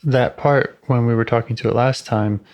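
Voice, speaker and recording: A therapist guiding a session calmly, with short affirmations and gentle questions, over a video call. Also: medium pitch, normal speed. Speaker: IFS therapist.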